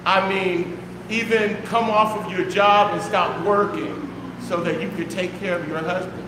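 A man's voice: sits high, steady tone, measured pace. A man preaching as pastor to a congregation, emphatic and affectionate, repeating his key phrases. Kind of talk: church sermon to a live congregation. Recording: roomy hall with background noise.

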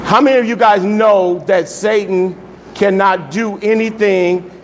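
A man's voice: sits high, fairly even intonation, measured pace. A man preaching as pastor to a congregation, emphatic and affectionate, repeating his key phrases. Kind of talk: church sermon to a live congregation. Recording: roomy hall with background noise.

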